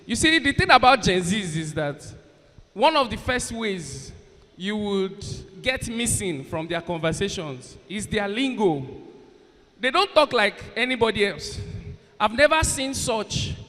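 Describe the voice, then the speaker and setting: A man's voice: high-pitched, sing-song, unhurried, bright, forceful tone. A man working as a comedian and event MC, teasing the audience and hyping up the crowd on stage. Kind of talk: stand-up banter and stage hosting. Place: large university event hall on stage. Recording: long hall reverb over a PA.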